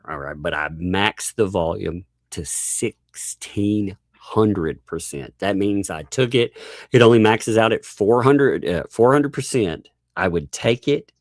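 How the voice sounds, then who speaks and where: Southern guy hosting a live stream, low gravelly voice, swoops all over, dry sound. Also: no room sound. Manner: animated, laughing, mocking voices in asides. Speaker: host. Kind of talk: casual live-stream chat.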